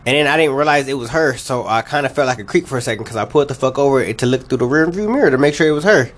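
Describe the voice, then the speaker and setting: A man's voice: mid-range voice, animated, rapid-fire, a bit bright. A man co-hosting a podcast, telling long, laid-back stories full of casual swearing. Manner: laid-back, profane, rambling anecdotes. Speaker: podcast co-host. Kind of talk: casual storytelling chat.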